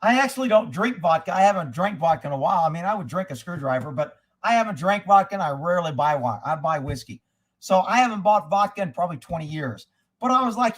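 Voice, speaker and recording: Livestream host, man, middle-aged, high voice, profane heated ranting. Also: animated, a little fast. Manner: profane and heated, reacting to chat. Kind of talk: casual ranting livestream chat.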